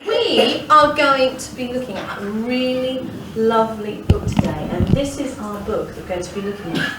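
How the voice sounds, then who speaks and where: A woman teacher reading a picture book aloud to a class of children, in a lively storytelling manner. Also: a little high, moderate pace, very noisy. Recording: echoey room, distant mic, loud music.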